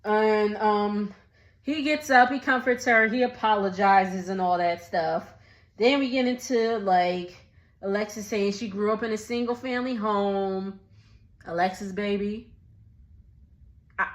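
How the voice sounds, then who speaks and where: A woman, giving a sassy, animated casual recap and talking back to the people on screen. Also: mid-range voice, reverberant. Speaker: recap vlogger.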